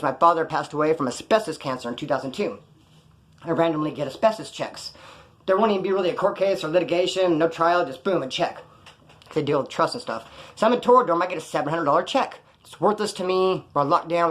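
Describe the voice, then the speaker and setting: A man vlogging in a casual, rambling storytelling style, swearing freely as he recounts his prison life. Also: on the high side. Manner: profane, rambling, animated storytelling.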